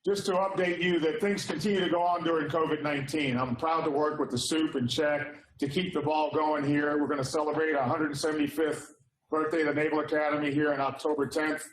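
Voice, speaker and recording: A man's voice: on the high side, steady tone, a little fast. Upbeat man in his sixties, echoey room. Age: 60s. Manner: upbeat, chatty, with frequent fillers. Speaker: alumni association president. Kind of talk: casual welcome address. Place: indoor hall.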